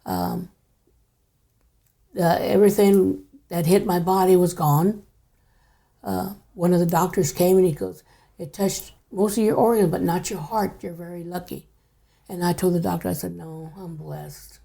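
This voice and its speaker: Older woman, low pitch, dark gravelly tone, hushed storytelling, podcast guest. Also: moderate pace, long pauses. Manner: hushed, drops to near whisper at times. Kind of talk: casual storytelling.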